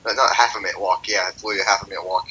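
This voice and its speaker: A podcast co-host rambles through a story at speed, stuffing it with "like" and swearing freely. His voice sits a little low. It has a bright, hard edge. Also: steady tone, very fast, slightly rough, muffled recording. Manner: rambling and profane, heavy on "like". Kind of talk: casual chat.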